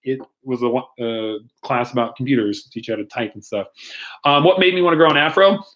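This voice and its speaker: A young youth pastor chats through viewer questions in a loose, joking way, full of ums and quick laughs. His voice sits at an ordinary middle pitch for a man, and he keeps the tone light and friendly. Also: fairly bright tone. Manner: playful, rambling, laughs often, lots of ums. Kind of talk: casual live-stream Q&A.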